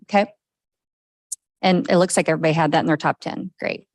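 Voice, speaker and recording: A woman facilitating a government budget meeting, brisk and encouraging, with frequent okays as she calls on each member. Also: sits low, steady tone, no echo, low-quality recording. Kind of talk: leading a group discussion.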